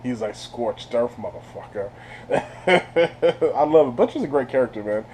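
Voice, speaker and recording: A man giving a casual spoiler review of a TV series. He laughs often, talks in slang and sounds animated. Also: mid-range voice, normal speed, a little hiss or hum. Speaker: TV show reviewer.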